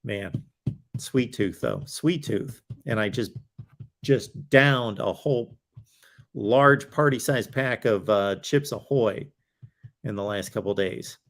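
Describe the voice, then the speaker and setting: A man's voice: fairly low pitch, slow, fairly bright tone. Tired, rambling male livestream host. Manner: rambling, chatty, with fillers and self-asides. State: tired, voice wearing out. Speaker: host of a college football livestream. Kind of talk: casual livestream chat.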